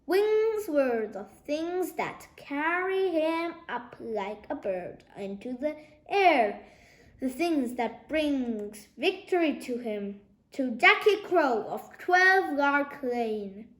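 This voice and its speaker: A woman reading a children's novel aloud, narrating in an expressive, lively way, recorded in an echoey room. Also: high-pitched, takes it slowly. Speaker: storybook narrator.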